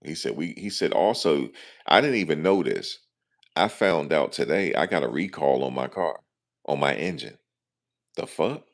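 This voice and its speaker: A man's voice: very deep voice, vocal fry. A man vlogging casually, telling a story in loose American slang with lots of asides. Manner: animated, slangy, lots of "you know what I'm saying".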